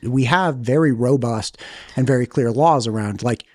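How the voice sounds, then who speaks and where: A man in his thirties, a podcast host, debating in an animated, conversational way. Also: mid-range voice, moderate pace, no echo. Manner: animated, pushes back, conversational.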